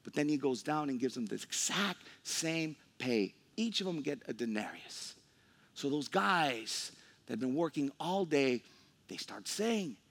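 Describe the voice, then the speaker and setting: A male pastor delivers a sermon, alternating scripture reading with lively retellings. His voice sits somewhat high and leaps through a wide, expressive range as he mimics complaining workers. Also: measured pace. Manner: animated preaching, acts out grumbling workers.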